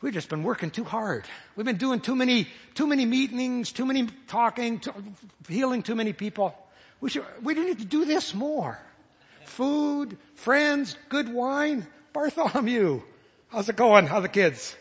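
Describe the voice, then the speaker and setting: A man preaching a sermon, earnest and halting, with frequent restarts as he speaks imagined prayers in the first person. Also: very high-pitched, animated, breathy edge. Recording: long hall reverb.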